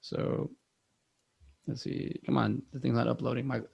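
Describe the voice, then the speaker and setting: A man's voice: mid-range voice, steady tone, a little slow, creaky, darkish tone, breathy edge, lo-fi sound. A man hosting a movie podcast in casual, rambling chat, self-deprecating with many restarts. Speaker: podcast host.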